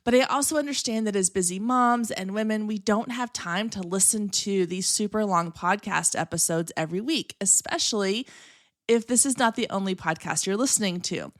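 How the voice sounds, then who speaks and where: An upbeat woman in her thirties hosts a solo podcast. She talks in a chatty, friendly way at a mid pitch. The sound is close and dry, with no room echo. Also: moderate pace. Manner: upbeat and chatty, self-described long-winded. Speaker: podcast host.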